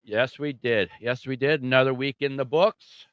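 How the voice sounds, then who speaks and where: A man's voice: medium pitch, moderate pace, clean tone, dry recording, dull audio. A man co-hosting a casual sports podcast, often laughing and giving short, agreeing replies. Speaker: podcast co-host.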